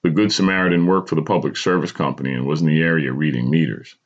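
A man's voice: rumbling low, quick pace. A man hosting a podcast, reading a personal story aloud with dramatic storytelling and small stumbles, on a dull lo-fi recording. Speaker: podcast host.

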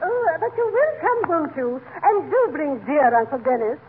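An actress playing an affected, gushing high-society matron in a 1940s radio comedy. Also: female voice, very animated, moderate pace. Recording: scratchy tinny old radio broadcast.

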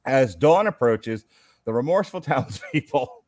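A man's voice: medium pitch, animated, normal speed, no room sound. Man, podcast host, plot recap, sarcastic asides, mid-range voice, dry close sound. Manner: wry, sarcastic, laughs while reading.

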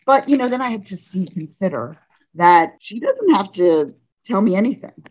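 A woman telling a personal story in a casual, halting way, with restarts, acting out what people said with big jumps in pitch. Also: husky. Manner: animated, acts out dialogue with pitch leaps; halting, frequent restarts and self-corrections.

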